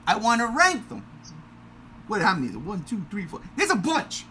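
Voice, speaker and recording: A high, animated man hosting a podcast, often shouting with excitement and then ribbing himself. His voice is bright and his pitch swoops all over. The chat is loose and casual. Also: normal speed, slight background noise. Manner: loud, energetic, self-mocking. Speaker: podcast host.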